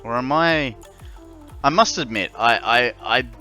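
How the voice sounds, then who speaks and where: Slow, rambling man. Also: medium pitch, sharp tone. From Australia. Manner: rambling, filler-heavy, joking with chat. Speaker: game streamer. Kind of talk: casual live-stream chat. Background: faint background music.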